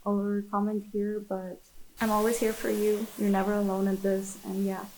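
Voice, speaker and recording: A woman's voice: medium pitch, little pitch movement, normal speed, darkish tone, slight background noise, rough recording. A woman talking candidly to camera as a parenting vlogger, chatty and open, with many fillers. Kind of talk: casual talk to camera.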